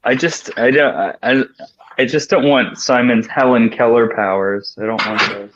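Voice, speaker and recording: A man's voice: medium pitch, moderate pace, fairly bright tone, slight background noise. This is a man joking around in a casual group chat on a live stream. He often hesitates and trails off. His voice comes through as muffled, lo-fi audio. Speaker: stream co-host.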